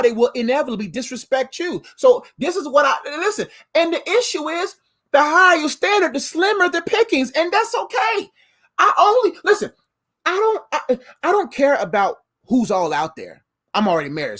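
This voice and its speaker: A man giving a motivational faith talk as a life coach, animated and playful, full of slangy asides. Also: extremely high pitch.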